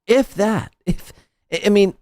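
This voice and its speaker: A man's voice: high-pitched, measured pace, a little mellow, no echo, clean studio sound. A man hosting a podcast, mocking and sarcastic in casual, profane commentary on clips.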